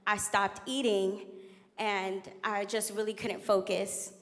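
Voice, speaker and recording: A young adult woman giving a candid, animated sermon as a guest preacher in a church. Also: mid-range voice, takes it slowly. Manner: animated, laughing, candid storytelling. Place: church sanctuary. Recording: long hall reverb.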